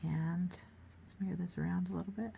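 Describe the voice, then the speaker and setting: Woman, lowish voice, casual tutorial host, chatty and encouraging, faint background noise. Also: steady tone, normal speed, creaky, dark tone, dull audio. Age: adult, grown child of a mother who paints. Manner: chatty, encouraging, thinking aloud while working. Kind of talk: casual painting demonstration.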